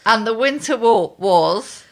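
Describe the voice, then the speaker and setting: A woman's voice: a little high, lively intonation, takes it slowly. A woman co-hosting a casual chat, a playful and theatrical storyteller. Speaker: co-host.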